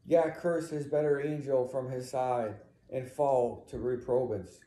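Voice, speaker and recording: Man playing sad old uncle, slow mournful lines, mellow tone. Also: medium pitch, fairly even intonation, close to an everyday voice. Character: sorrowful older man, the victim's uncle. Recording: roomy echo.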